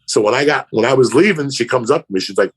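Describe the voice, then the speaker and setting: Brief: male comic, crude and profane anecdote teller, husky voice with a lively, swinging delivery. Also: medium pitch, quick pace. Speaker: comedian guest. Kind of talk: casual podcast storytelling.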